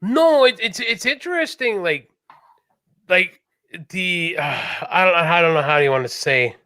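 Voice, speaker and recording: A man co-hosting a casual podcast chat, telling stories in a lively way and acting out the voices of people he quotes. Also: high voice, a little slow, clear, resonant tone, no echo, clean studio sound. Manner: animated storyteller, acts out quoted voices. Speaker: podcast co-host.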